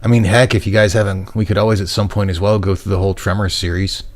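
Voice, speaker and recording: A man's voice: sits low, level tone, fast talker. A man hosting a casual movie chat, blunt and swearing freely. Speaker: podcast host.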